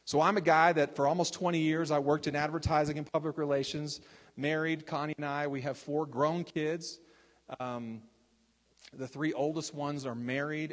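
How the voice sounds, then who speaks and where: An older man from Texas telling his testimony as a ministry leader, in a chatty, animated storytelling manner with frequent restarts and asides. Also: medium pitch, big-room sound.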